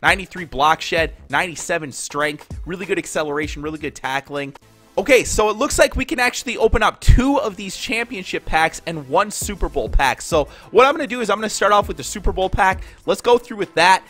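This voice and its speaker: A congested young gaming YouTuber from Minnesota, USA, chats casually with viewers while opening card packs in a video game. His nasal voice sits high, with lively intonation, a fairly quick pace and a somewhat bright sound. Soft music plays in the background.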